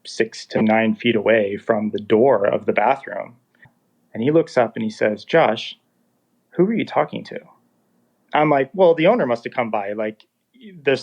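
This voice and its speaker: A man in his thirties telling his own story in a casual, animated way, acting out the dialogue as he goes. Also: mid-range voice, vocal fry. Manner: animated, acts out dialogue in quotes. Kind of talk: casual first-person storytelling. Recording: dull lo-fi sound.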